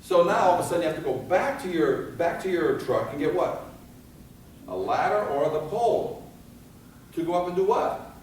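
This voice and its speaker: A man giving a fire safety seminar, animated and firing rhetorical questions at his audience, recorded in a seminar room. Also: on the high side, moderate pace, slight background noise. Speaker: fire escape safety instructor. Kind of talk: seminar lecture. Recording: echoey hall from far off.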